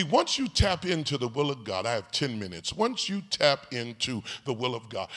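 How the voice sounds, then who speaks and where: A man preaching a live sermon as pastor, in an animated, folksy storytelling way, calling out to people in the congregation. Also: mid-range voice. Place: large church sanctuary. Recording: echoey hall reverb.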